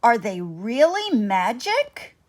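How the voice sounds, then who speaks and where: Eager storybook boy, bright and excited, voiced by a woman. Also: on the high side, takes it slowly. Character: young boy Jack, eager and hungry.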